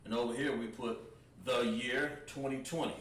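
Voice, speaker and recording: A man teaching a livestreamed Hebrew language class, slowly drilling words with lots of repetition. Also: medium pitch, fairly even intonation, a bit bright. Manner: slow, repetitive, drawn-out pronunciation drills. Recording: roomy echo, distant mic, faint background noise.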